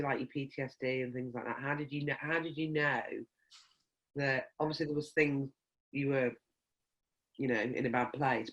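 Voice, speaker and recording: A man's voice: mid-range voice, a bit bright. Man, podcast host, casual interview, rambling questions, slightly muffled lo-fi sound. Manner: brief agreeing replies, rambling questions. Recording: dull lo-fi sound.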